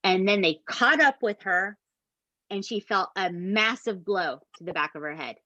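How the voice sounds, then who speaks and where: A woman, co-hosting a podcast and retelling a true crime story in an animated, casual way that includes swearing. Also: mid-range voice, moderate pace, no room sound, muffled recording. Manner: animated, swears, addresses listeners as "you guys". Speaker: podcast co-host.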